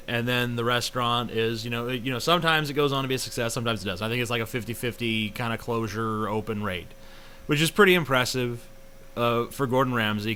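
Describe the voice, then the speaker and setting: Young American guy doing a sweary, rambling review rant; crisp, bright voice. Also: medium pitch. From United States. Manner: profane, rambling, sarcastic. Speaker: video reviewer. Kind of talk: casual ranting review.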